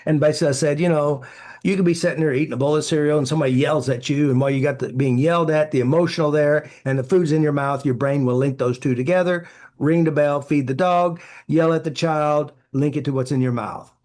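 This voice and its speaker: A man who works as a therapy practitioner answers interview questions quickly, in a slightly high, somewhat mellow voice. He tells anecdotes, acts out quoted dialogue, and fills gaps with "you know."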